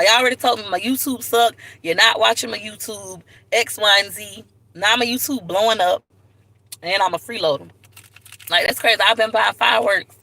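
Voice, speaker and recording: A woman's voice: medium pitch, pushed and bright, slightly rough, poor audio. A woman, talking frankly in a casual livestream and telling stories with a preachy edge. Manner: frank, preachy storytelling with asides. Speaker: vlogger.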